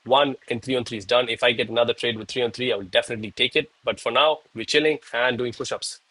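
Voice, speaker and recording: A man's voice: medium pitch, steady tone, quick pace, sharp tone, no echo, rough recording. A young man chatting casually with viewers on a live trading stream, breathless and hyped between sets of push-ups.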